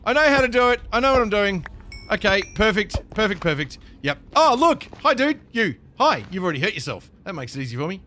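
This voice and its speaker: A man commentating live gameplay, excitable and chattering to the creatures in his game. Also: high-pitched, brisk, slight background noise. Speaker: gaming streamer.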